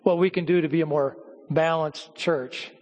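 A male pastor gives a teaching sermon, his high-pitched voice steady and somewhat dark. He works through each point in measured phrases, pausing and repeating words, while the church hall adds a long reverb.

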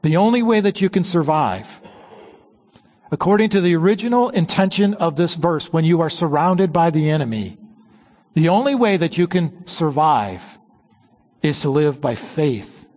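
A man preaching a sermon, slowing down and dropping his voice low on key phrases. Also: darkish tone, in a large hall. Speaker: pastor.

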